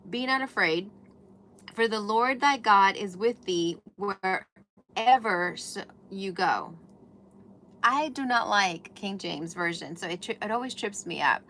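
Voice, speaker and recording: A chatty woman hosts a craft livestream in a bright, crisp voice at a middling pitch. She greets viewers as she works at her table. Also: takes it slowly, a little hiss or hum. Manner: chatty, greets viewers while working with paper. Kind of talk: casual livestream chat while crafting. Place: indoors at a craft table under bright lights.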